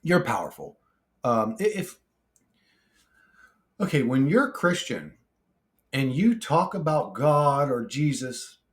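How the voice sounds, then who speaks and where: A man chatting casually on his own channel, blunt and profane, rambling with restarts as he answers viewer comments. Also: mid-range voice. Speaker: YouTuber reading comment replies. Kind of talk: casual monologue.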